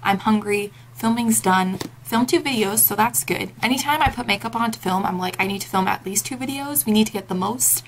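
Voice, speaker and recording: A woman's voice: mid-range voice, a little fast, few pauses, a little hiss or hum. A young woman chatting casually in a reading vlog from home, giggly and gushing, on a camera mic. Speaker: book vlogger.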